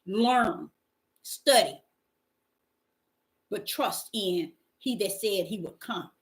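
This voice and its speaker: A woman's voice: medium pitch, expressive, extremely slow. A woman, preaching an informal, fervent sermon and reading Bible verses aloud. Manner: fervent, call-and-response exclamations, Bible reading. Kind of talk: informal street-style sermon.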